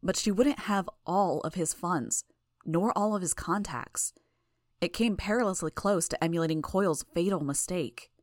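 A woman reading a first-person audiobook in a measured, even way. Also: on the low side, no echo, studio quality. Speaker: audiobook narrator.

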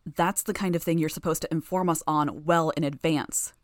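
A woman's voice: steady tone, normal speed, no room sound, studio quality, natural voice. A woman doing a growling, menacing boy gang leader. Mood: angry. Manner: low, growling and commanding.

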